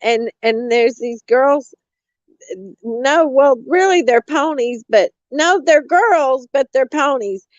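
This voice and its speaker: A woman's voice: sits high, animated, takes it slowly, no echo, highs cut off, voice pushed up. A woman voicing a flustered woman who rambles and stammers through a complaint call to emergency services. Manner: rambling, stammering, repeating herself.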